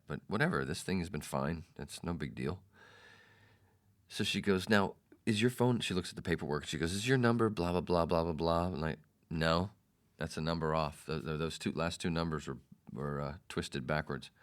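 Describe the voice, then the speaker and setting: A man hosting a podcast, telling a personal story in a casual, animated way and putting on the voices of the people in it. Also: very deep voice, moderate pace. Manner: animated, mimics others in quoted lines. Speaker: podcast host.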